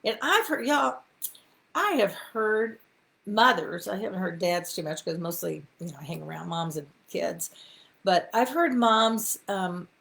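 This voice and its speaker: A woman's voice: medium pitch, vocal fry, a bit bright. A middle-aged woman, hosting a live faith talk in a folksy, encouraging way with many ums and asides. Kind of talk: casual live-stream teaching.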